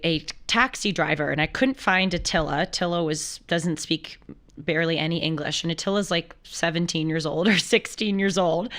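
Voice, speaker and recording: A woman hosting a talk show, telling a travel story in a lively, chatty way and acting out the people in it. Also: medium pitch. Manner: animated storyteller who acts out quoted voices. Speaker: show host. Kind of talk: casual chat.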